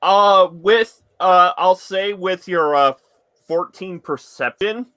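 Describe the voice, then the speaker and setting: Slow, halting dungeon master. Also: male voice, high voice, bright, forceful tone, clear, resonant tone, no echo. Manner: hesitant, many fillers. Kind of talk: narrating a tabletop game.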